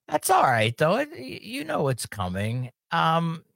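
Male show host, casual and joking, pitch that moves a lot, dry close sound. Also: moderate pace, gravelly, no room sound. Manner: lively, joking, laughs often. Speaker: podcast host. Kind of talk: casual chat.

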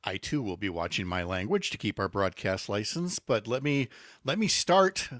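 A man from Wisconsin who is a guest on a radio talk show, reacting in an animated way and quick to laugh. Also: fairly low pitch, no room sound, clean studio sound. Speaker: radio guest and fellow host.

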